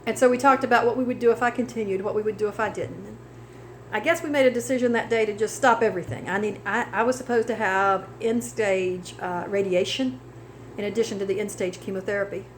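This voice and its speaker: A woman's voice: medium pitch, steady tone, fast talker, a little hiss or hum, rough recording. A woman giving an earnest personal testimony of faith and healing, building into preaching with scripture cadences. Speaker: cancer survivor giving testimony.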